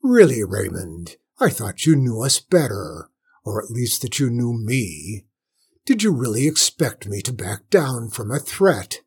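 A man voicing a proud, wry male reptilian alien leader in a low, mocking manner for a storybook reading. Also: very animated, measured pace, darkish tone, breathy edge, heavily acted.

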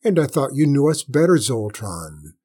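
A man's voice: mid-range voice, big pitch swings, moderate pace, dark tone, breathy edge. A man doing a stern space fleet commander. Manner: clipped, commanding. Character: stern male human space commander, firm and authoritative.

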